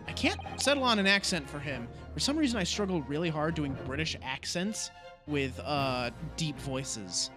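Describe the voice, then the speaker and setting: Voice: medium pitch, animated, normal speed, over music. A player casually commenting on a game and musing about doing voices. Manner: chatty, self-commenting.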